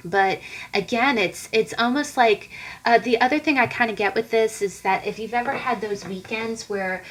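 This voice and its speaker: A woman's voice: a little high, moderate pace, a bit bright, rough recording. A woman giving a casual tarot reading straight to her viewers, rambling and conversational with lots of fillers and restarts. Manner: rambling and conversational, many fillers and repeated starts; speaks directly to viewers. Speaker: tarot card reader.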